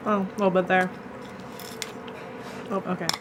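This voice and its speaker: A woman giving brief, soft-spoken replies from behind the camera during a casual vlog. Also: lowish voice, flat delivery, normal speed. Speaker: girlfriend, companion on camera. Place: outdoors on a winter trail and at home. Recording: loud hiss, from off mic.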